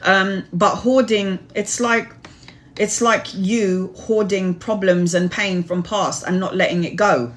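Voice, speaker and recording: A woman's voice: mid-range voice, fairly even intonation, slow. A woman reading tarot on a live stream, answering chat questions in a rambling, earnest way. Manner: rambling, earnest, advice-giving. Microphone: phone or webcam live stream.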